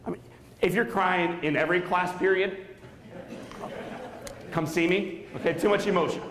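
Motivational speaker guy, 30s, kinda high voice, asks the crowd stuff, big echoey room. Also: fairly even intonation, normal speed, fairly bright tone. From Saint Louis area. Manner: dramatic storytelling, quizzing the audience. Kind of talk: inspirational keynote speech. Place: school auditorium. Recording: echoey hall.

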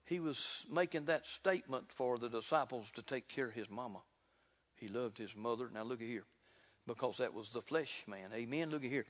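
A man preaching a sermon in a folksy, fervent way, building to loud exclamations. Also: mid-range voice, moderate pace. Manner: folksy, repeats "look here". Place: church sanctuary. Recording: reverberant church hall.

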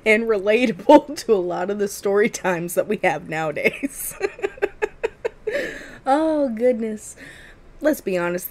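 A woman hosting a reaction video, giving wry, casual commentary and laughing as she talks. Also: on the low side. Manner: wry, unhurried, laughs while talking.

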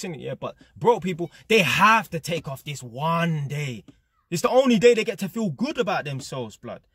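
A man's voice: fairly high pitch, husky, no room sound, clean studio sound. A young man with a London accent talking straight to his viewers in a casual, blunt motivational monologue, peppering his talk with slang. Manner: London slang, blunt and emphatic, repeats "blood" and "fam". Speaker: vlogger.

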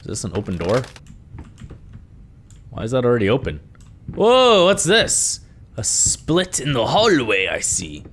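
A young man giving jokey, animated commentary while playing a horror video game, often swearing as he reacts. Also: mid-range voice, unhurried, pauses often, slight background noise. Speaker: gaming YouTuber. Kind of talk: let's play commentary.

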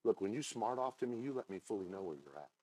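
Impassioned preacher, quiet to shouting. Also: male voice, lively intonation, quick pace. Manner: swings from low confiding talk to loud impassioned shouting; repeats himself and restarts mid-phrase. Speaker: pastor. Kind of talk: sermon.

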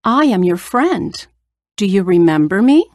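A woman's voice: mid-range voice, sing-song, a little slow, a little mellow, no echo. A tiny, brave mouse who speaks politely and earnestly, as a woman reader puts her on. She talks unhurriedly in a dry, close storybook reading.

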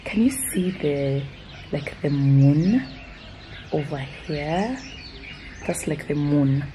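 A woman's voice: sits low, slow, mellow, a little hiss or hum. A Kenyan woman in her twenties, talking to camera in a casual vlog, emotional and gushing, repeating her phrases. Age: 20s. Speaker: vlogger.

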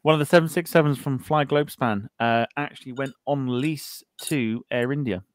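A man talks in a relaxed, chatty way as he hosts a podcast and reads out comments from his viewers. He jokes along and trips over the odd word. His voice is mid-pitched and sounds close and dry, with almost no room sound. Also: moderate pace, no room sound. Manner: chatty, jokey, stumbles over words. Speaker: podcast host. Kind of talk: casual chat reading viewer comments.

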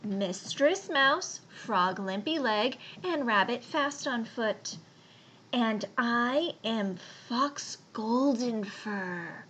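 A woman voicing a little female fox who speaks slowly and in a measured way. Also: a little high, animated, a bit bright, slight background noise, exaggerated voice. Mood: calm.

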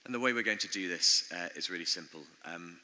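A man preaching a sermon in an earnest, conversational way, pausing often as he speaks in a church. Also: deep voice, pushed and bright. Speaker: pastor. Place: church building. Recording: long church reverb.

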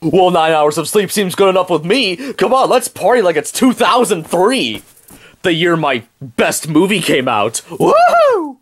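A man's voice: high-pitched, sing-song, normal speed. A man voicing a boastful, joking party cat in an amateur toy drama. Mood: boisterous. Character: Cat in the Hat, partying prankster cat.

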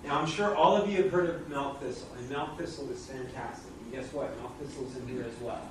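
A man's voice: mid-range voice, steady tone, brisk. A man giving a chatty product presentation, asking the audience questions, recorded from a distance in a noisy, echoey room. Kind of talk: live product talk to an audience.

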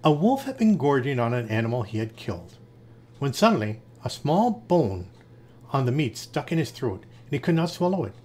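A man reading fables aloud in a lively storytelling manner. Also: medium pitch, moderate pace.

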